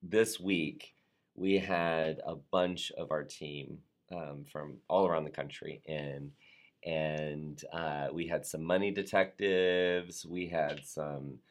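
A man's voice: very deep voice, fairly even intonation, slow. A man hosting a live show, reading viewer comments in an upbeat, playful way and sometimes tripping over words. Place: Atlanta area.

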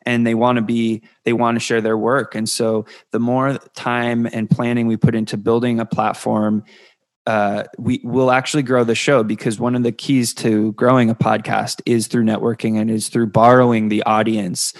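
A man's voice: medium pitch, flat delivery, moderate pace, dry recording. A man hosting a podcast interview, talking thoughtfully and often repeating words as he builds an idea. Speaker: podcast host. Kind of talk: conversational interview.

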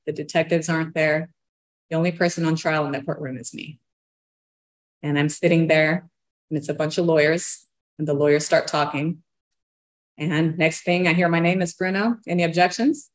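A woman earnestly telling her own story, given to a nervous laugh. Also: low-pitched. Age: adult parent of young children. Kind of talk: personal storytelling.

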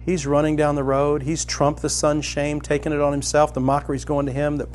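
A middle-aged man preaching a sermon as a pastor, telling a personal story and climbing to loud, excited emphasis. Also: on the high side, brisk, slight background noise.

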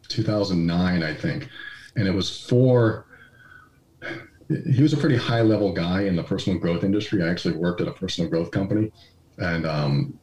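A male podcast guest with a low-pitched, darkish voice tells personal stories in an interview, candid and self-deprecating, acting out quoted dialogue as he goes. The conversational storytelling is captured in a roomy, echoey recording.

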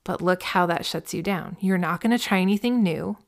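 A woman's voice: on the low side, fairly quick. A woman business coach talking through a podcast episode in an earnest, encouraging, conversational way. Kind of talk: podcast monologue.

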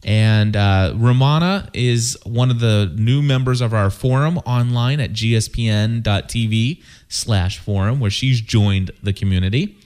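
A man's voice: medium pitch, a little mellow, smooth. Guy cohost reading out fan emails, stops and restarts a lot. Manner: halting, with restarts. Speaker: podcast co-host. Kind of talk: reading listener emails aloud.

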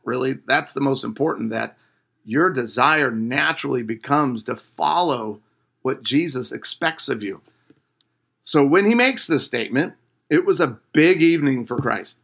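Bright-voiced man teaching a devotional. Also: mid-range voice, expressive, normal speed, gravelly, breathy edge. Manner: conversational, asks the listener rhetorical questions.

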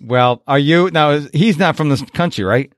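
A man's voice: fairly high pitch, normal speed, no room sound, studio quality. A man from Rochester, New York, hosting an interview show in a chatty, self-deprecating way. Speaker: podcast host. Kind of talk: casual interview chat.

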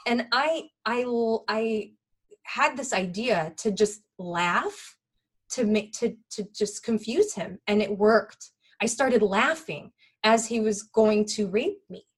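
A woman candidly recounting a personal experience in a halting, earnest way, with frequent fillers and restarts. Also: medium pitch, expressive, slightly rough. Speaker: guest telling a personal story.

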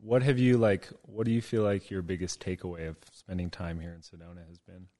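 A man hosting a podcast, chatting in a relaxed way with lots of fillers. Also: sits low, a little fast, no echo. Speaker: podcast host. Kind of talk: casual podcast interview.

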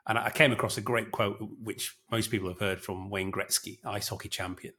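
A man, a former military officer, telling lively anecdotes in a relaxed podcast conversation. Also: on the low side, a little fast. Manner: animated anecdotes with acted quotes.

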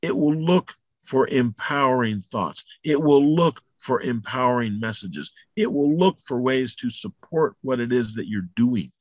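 A man giving a motivational talk, blunt and emphatic, repeating his points and building to loud peaks. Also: medium pitch, animated, measured pace, no echo. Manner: salty, blunt language. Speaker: motivational speaker.

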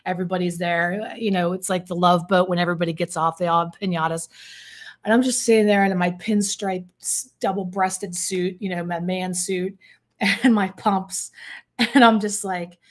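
A woman's voice: fairly low pitch, fairly even intonation, moderate pace. A woman, a relationship coach, telling a personal story to her viewers in a casual, vivid way, with plenty of fillers and some swearing. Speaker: codependency coach.

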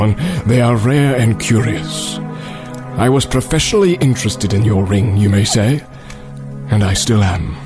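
Brief: stern old wizard, grave and deliberate, voiced by a male narrator, low-pitched, over a score. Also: natural voice. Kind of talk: dramatized audiobook reading.

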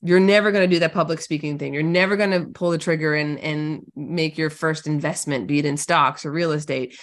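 A woman coach with a lowish voice talks through a podcast interview. She is upbeat and casual, full of "like" and "just do it". Her delivery is animated and chatty. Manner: energetic, casual, lots of "like", animated storytelling.

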